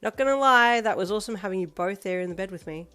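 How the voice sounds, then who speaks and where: A woman voicing a playful, energetic teenage girl who talks loudly and teases. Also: medium pitch, fast talker, clear, resonant tone, close to an everyday voice. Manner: bright, loud and teasing.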